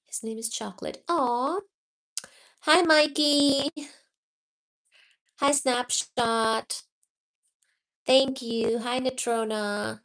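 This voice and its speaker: A woman's voice: a little high, extremely slow, pauses often, fairly bright tone. A woman hosting a live physics study stream, explaining loosely with lots of "you know" and greeting viewers one by one from the chat. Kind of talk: casual livestream teaching and chat reading.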